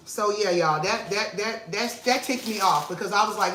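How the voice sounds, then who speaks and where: A woman vlog host, telling an animated, emphatic story to her viewers and repeating lines for effect, at home in her kitchen. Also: mid-range voice, moderate pace, few pauses. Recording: roomy echo with faint noise.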